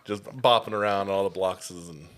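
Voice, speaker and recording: A man guest on a comedy podcast, rambling and overconfident as he pitches a festival. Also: normal speed, a bit bright, clear, resonant tone. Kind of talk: improvised comedy chat.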